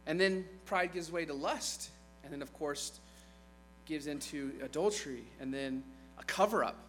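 A man delivers a sermon in a relaxed, conversational way, bringing scripture to life with quick asides. His voice sits a little high for a man. Faint music and a low mains hum run underneath. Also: poor audio. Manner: conversational, animated retelling with asides. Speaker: preacher.

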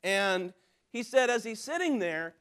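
A high-pitched man preaching a sermon. He builds to loud, driving lines, then drops to a hush, and acts out the voices of the people in his stories. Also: big pitch swings, measured pace, smooth. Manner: preaching with dramatic swings from loud to hushed. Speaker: pastor.

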